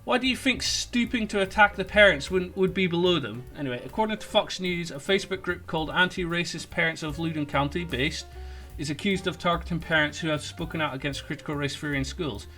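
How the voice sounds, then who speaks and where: A man's voice: on the high side, fairly quick, few pauses, sharp tone, soft background music. A man ranting sarcastically in an online commentary video, with stumbling restarts. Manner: sarcastic, mocking, rambling. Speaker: political commentator.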